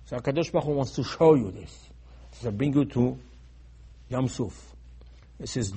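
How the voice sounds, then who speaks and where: A man preaching a sermon, swinging between loud emphatic bursts and low, quiet asides. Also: fairly quick, long pauses, breathy edge.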